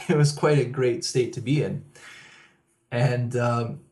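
A man's voice: medium pitch, slow, darkish tone. A man who is a guest author on a radio interview, telling personal stories and chuckling often.

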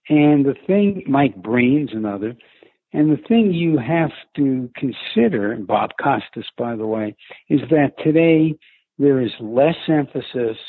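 A man's voice: medium pitch, dry recording. A man with a New York accent, a sports broadcaster answering interview questions in a chatty, reflective way with many fillers. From Brooklyn, New York. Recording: tinny phone-line sound, dry.

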